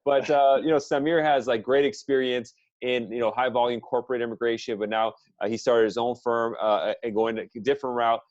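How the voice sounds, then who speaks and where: A man's voice: medium pitch, steady tone, brisk, few pauses, dry recording, highs cut off. A man hosting a legal podcast, talking casually with many fillers as he interviews a guest. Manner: friendly, filler-heavy, chatty. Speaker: podcast host.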